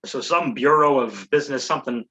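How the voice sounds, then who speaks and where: A man's voice: mid-range voice, fairly quick, sharp tone, dull audio. A male comedian hosting a podcast, rambling through a sarcastic, profane recap of a movie plot.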